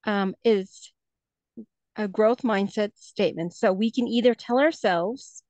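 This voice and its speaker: A woman's voice: mid-range voice, a little slow, darkish tone, no room sound. A woman who teaches third grade, presenting a lesson in a workshop, talking hesitantly with many fillers and restarts, heard over a video call.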